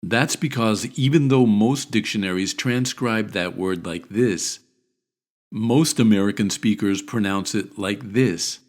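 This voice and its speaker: A man teaching pronunciation in a scripted video lesson, repeating each word deliberately and clearly. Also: on the low side.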